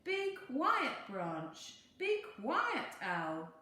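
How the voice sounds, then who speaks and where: A woman's voice: high-pitched, wildly swooping pitch, drawn-out words, sharp tone, voice pushed up, heavily acted. A woman voicing a grown-up male mouse in a storybook reading, firm and matter-of-fact with a weary patience. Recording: very echoey room, faint hum.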